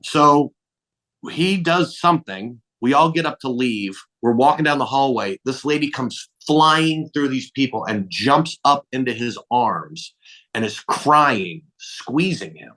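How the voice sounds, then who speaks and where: A man's voice: medium pitch, lively intonation, a little slow, pushed and bright. A middle-aged male comedian telling stories in casual chat, acting out the dialogue and swearing lightly. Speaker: comedian guest. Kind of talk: casual storytelling.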